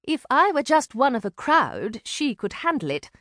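A woman narrating an audiobook in an expressive first-person telling, close to a studio mic. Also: high-pitched, normal speed, no room sound. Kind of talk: scripted narration.

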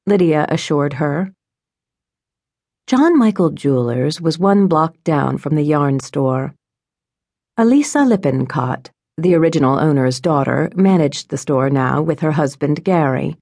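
A woman reading an audiobook in scripted narration, measured and even. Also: sits low, dry recording, clean studio sound.

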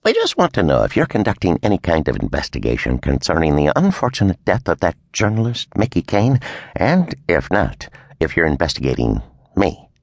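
A man voicing a brash, pushy male public official who is quick to take offense, in an audiobook. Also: low voice, huge pitch swings, no echo, exaggerated voice. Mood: indignant.

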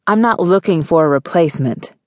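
A blunt, sarcastic young college woman, voiced by the audiobook narrator herself. The delivery is dry and close, with a low-set voice that turns sharp and incredulous in her comebacks. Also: expressive, a little fast, no room sound, close to an everyday voice. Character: sharp-tongued young female college student.

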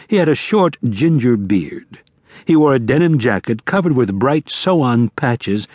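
A man narrating an audiobook in measured, lively storytelling. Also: mid-range voice, no echo.

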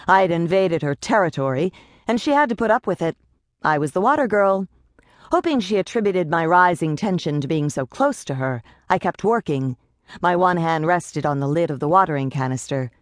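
A woman narrating an audiobook in the first person, measured and tense, on a close studio mic. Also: sits low, dry recording.

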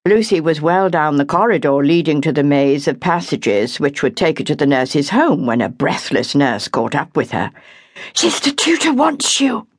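This audiobook narrator is a woman with a low-pitched voice, reading a novel aloud in scripted narration. Her delivery is measured and expressive, like a storyteller's, and the recording is studio quality with no room sound.

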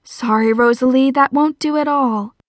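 A woman's voice: sits high, moderate pace, dry recording, clean studio sound, natural voice. A woman narrator voicing a determined young mother with a wry edge.

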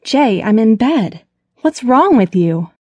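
A woman's voice: medium pitch, moderate pace, warm tone, no room sound, lo-fi sound, pitched above the performer's own voice, lightly acted. A woman reading a snappy young woman woken at night. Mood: exasperated. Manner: exasperated, snappy. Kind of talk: audiobook character voice.

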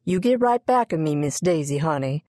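A woman's voice: sits low, expressive, normal speed, mellow, no room sound, clean studio sound. Woman doing a bossy old woman cook.

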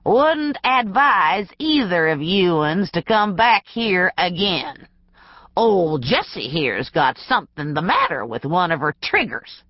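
A woman's voice: on the low side, very animated, slow pace, no room sound, lo-fi sound, heavily acted. A woman voicing an ornery old mountain storekeeper in his late seventies, with a snarling rural drawl. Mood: menacing. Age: older.

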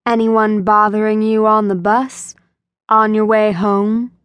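A woman voicing a calm male police officer asking routine questions in an audiobook. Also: medium pitch, takes it slowly, clean tone, no room sound. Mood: questioning. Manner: matter-of-fact questioning. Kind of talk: audiobook character voice.

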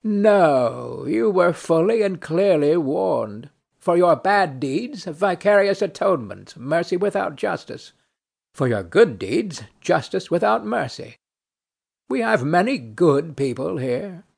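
A man's voice: on the high side, sing-song, slow, creaky, a little mellow, husky, heavily acted. A man reading a play aloud, voicing a weary, ironic nobleman who speaks in a dry, mocking, philosophical way. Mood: dryly mocking. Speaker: audiobook narrator.

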